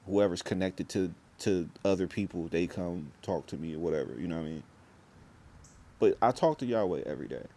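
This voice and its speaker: A man's voice: deep voice, warm tone. A young man talking to camera in a rambling, intense vlog monologue, full of restarts and slang. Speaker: vlogger.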